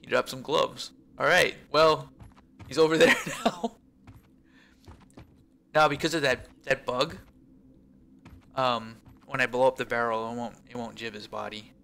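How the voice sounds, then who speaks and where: A man's voice: medium pitch, steady tone, unhurried, creaky, pauses often, pushed and bright, slight background noise. A man developing a game, chatting casually while playtesting it, thinking aloud, laughing often and trailing off with fillers. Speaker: game developer streaming his build.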